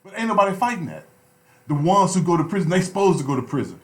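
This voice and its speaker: A man's voice: high-pitched, big pitch swings, fast, roomy sound. Impassioned man on talk radio. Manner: impassioned, preachy, repeats phrases for emphasis. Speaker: radio show co-host. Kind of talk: heated talk radio discussion.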